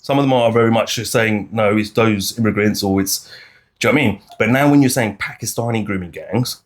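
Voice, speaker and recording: British man, animated podcast debate, low-pitched voice, restarts and acted-out quotes. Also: a little fast. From United Kingdom. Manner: animated, acts out other people's lines, frequent restarts. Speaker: podcast co-host. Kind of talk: casual debate chat.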